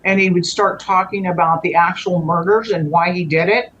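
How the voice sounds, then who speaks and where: Halting woman recounting a family story. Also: lowish voice, fairly even intonation, a bit bright, highs cut off, a little hiss or hum. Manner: halting, with frequent restarts and trailing phrases. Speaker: guest telling a personal story. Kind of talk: conversational storytelling.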